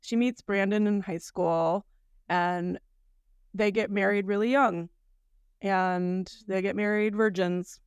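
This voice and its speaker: Woman from the states co-hosting a podcast, smooth lowish voice, dry close mic, tells stories with lots of energy. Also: takes it slowly, no echo. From United States. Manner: animated storyteller, acts out quoted lines. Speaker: podcast co-host. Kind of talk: casual podcast chat.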